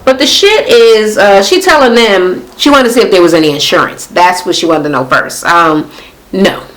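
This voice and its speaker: A woman's voice: medium pitch, expressive, moderate pace, a bit bright, poor audio. A woman hosting a casual reality TV recap, talking bluntly and profanely as she retells scenes in quoted voices.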